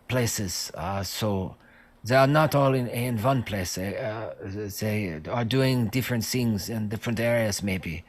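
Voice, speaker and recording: A man voicing a nervous captured cultist guard who stammers and hedges every answer in a tabletop game. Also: on the low side. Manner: stammering, hesitant, evasive. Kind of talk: tabletop role-play voice.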